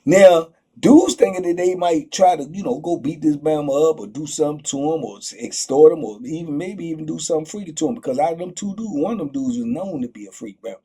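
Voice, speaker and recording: A man hosting a channel, telling prison stories in an animated, slang-heavy way, full of excitable asides. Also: fairly high pitch, fast talker, breathy edge. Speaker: storyteller host.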